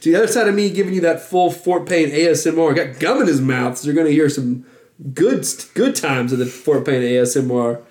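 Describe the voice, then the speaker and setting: A man's voice: fairly high pitch, a little fast, darkish tone. A man hosting a podcast in casual chat with his co-hosts, joking and rambling. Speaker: podcast host. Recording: roomy echo.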